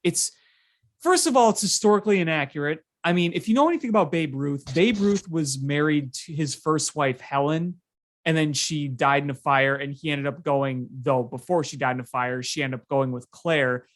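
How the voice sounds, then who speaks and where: A sports podcast co-host in casual chat, telling stories in an animated, ranting way. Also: mid-range voice, normal speed. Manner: animated storyteller, ranting about bad movies.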